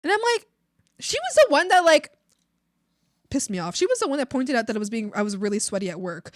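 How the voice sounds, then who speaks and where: A young woman streamer venting to her chat in a casual, profane, animated rant, mocking other people's voices as she goes. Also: fairly high pitch, a little fast, no echo, studio quality. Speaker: art streamer. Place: home streaming setup.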